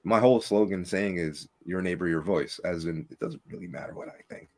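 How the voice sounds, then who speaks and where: A man, a candidate for local office, talking casually and emphatically in a podcast interview. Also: fairly quick. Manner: animated, emphatic, rising pitch when making points. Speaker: political candidate, guest.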